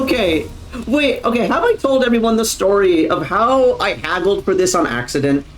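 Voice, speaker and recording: A young man casually chatting on a live stream, rambling and swearing often, with lots of fillers. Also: high-pitched.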